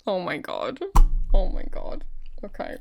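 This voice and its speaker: A young woman co-hosting a podcast in casual chat, teasing and quick to laugh. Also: lowish voice, wildly swooping pitch, gravelly, faint music behind. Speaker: podcast co-host.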